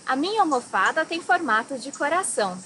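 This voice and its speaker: A young woman from Brazil teaching a vocabulary lesson, saying each word slowly before giving its meaning. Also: sits high, big pitch swings, pushed and bright, slight background noise, low-quality recording. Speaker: language teacher.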